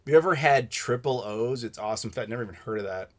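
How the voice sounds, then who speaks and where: A man's voice: mid-range voice, animated, fast talker. American guy in his 30s on a live stream q&a, opinionated, rants and swears casually. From United States. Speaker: channel host answering live questions.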